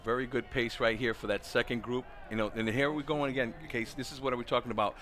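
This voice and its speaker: Fast-talking male track coach commentating. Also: medium pitch. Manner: animated storyteller, voices quoted people loudly. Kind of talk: live sports commentary with storytelling. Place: outdoor track meet.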